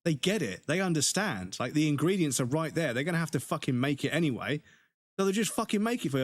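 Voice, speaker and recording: A man's voice: a little high, sing-song, fast talker, dry recording, studio quality. A man with an English accent chatting casually on a live game stream, ranting with swearing and laughing asides.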